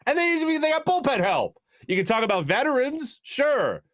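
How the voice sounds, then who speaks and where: A man hosting a sports talk show, rambling in quick, animated bursts full of fillers and reading ads live. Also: very high-pitched, dry recording.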